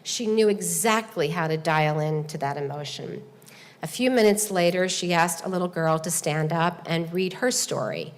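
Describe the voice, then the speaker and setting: A woman hosting a seminar, giving an earnest formal speech to an audience, telling a story with pauses and fillers. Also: fairly low pitch. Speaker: event host and presenter. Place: large hall at a speaking seminar. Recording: long hall reverb.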